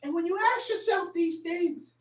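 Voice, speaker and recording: A woman preaching a sermon with a fiery, shouting, dramatic delivery. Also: very high-pitched, moderate pace. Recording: echoey room from a distant mic.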